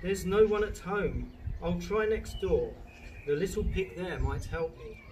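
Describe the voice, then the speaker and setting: A man's voice: high-pitched, expressive, measured pace, darkish tone, pitched above the performer's own voice. A man doing a wheezy pleading wolf. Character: hungry coughing male wolf, clumsy. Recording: distant mic, noisy background with birds.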